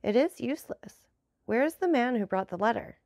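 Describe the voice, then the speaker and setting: Storybook count, cool and commanding, gravelly edge, dry close sound, read by a woman. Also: fairly high pitch, lively intonation, moderate pace, darkish tone, no echo, voice pushed up. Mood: measured, commanding. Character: commanding, enigmatic nobleman, the Count.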